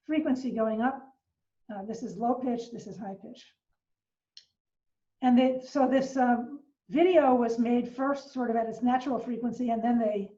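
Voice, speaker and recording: Far from the mic in a roomy living room, an older woman lectures on astronomy as a professor in an informal online science talk. She's patient and explanatory, pausing on fillers through each idea, her slightly high voice dark in tone and set back. The audio comes across somewhat dull and muffled.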